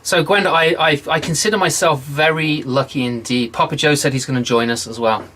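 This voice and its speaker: A man's voice: on the high side, fairly even intonation. Chatty man hosting a livestream. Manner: chatty, upbeat, quick shout-outs to viewers. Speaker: host. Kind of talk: casual livestream chat. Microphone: video call.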